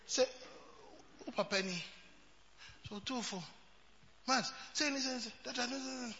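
A very high, piercingly bright male voice, preaching in a sermon that rises and falls, from hushed asides to shouts. He mixes English with Twi. The sound is dull and rings through a long, echoing hall. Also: measured pace, pauses often. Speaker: pastor.

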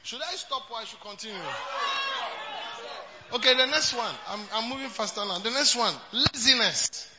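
A man preaching a sermon as a pastor, mixing English and Twi and swinging from soft asides to shouts. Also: very high-pitched, normal speed, a loud crowd, heavy background noise. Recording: dull sound in a reverberant hall.

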